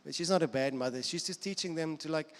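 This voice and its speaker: A man's voice: fairly high pitch, fast. A man with a South African accent, a pastor preaching an earnest sermon who repeats phrases for emphasis. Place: church auditorium. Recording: long church hall reverb.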